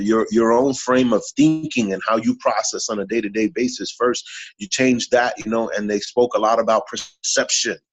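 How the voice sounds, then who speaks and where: A low-voiced man with a husky edge delivers earnest motivational talk on a morning show. He is preachy and repeats himself to drive each point home. The recording sounds muffled and lo-fi.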